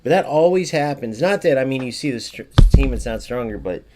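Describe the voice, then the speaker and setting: A man's voice: mid-range voice, animated, brisk, noisy background. A man streaming a football video game, talking casually to his viewers and acting out short exchanges with opponents. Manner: talks to his chat, acts out short exchanges in a raised voice. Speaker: gaming streamer. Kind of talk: casual gameplay commentary.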